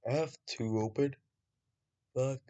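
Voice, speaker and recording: A man's voice: medium pitch, takes it slowly, mellow. A young man improvising a fan story, rambling, swearing, and correcting himself often.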